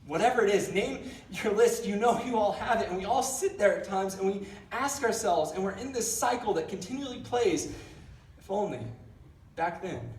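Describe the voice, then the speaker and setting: A man's voice: high voice, brisk, hardly any pauses, darkish tone, roomy sound, recorded from a distance, slight background noise. A young man giving a casual youth sermon, telling a rambling story with lots of fillers and self-deprecating jokes. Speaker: youth pastor. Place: large church hall.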